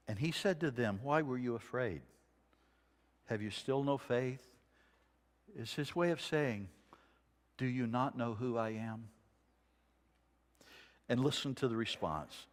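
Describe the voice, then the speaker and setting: Expressive male preacher in a reverberant church. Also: medium pitch, slow pace, pauses often. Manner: dramatic scripture reading, dropping to a hush for quoted lines. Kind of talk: sermon. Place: church sanctuary. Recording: long reverb of a church sanctuary.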